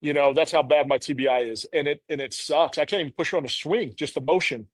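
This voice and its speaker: A man's voice: fairly high pitch, quick pace, no echo. A man in his thirties, a podcast guest, telling a candid personal story in an earnest, rambling way full of "you know".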